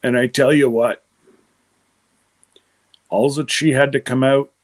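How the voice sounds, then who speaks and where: A man's voice: mid-range voice, steady tone, slow pace. A man from Canada hosting a livestream, chatting casually and rambling while answering viewer comments. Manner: rambling, answers live chat comments aloud. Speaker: livestream host.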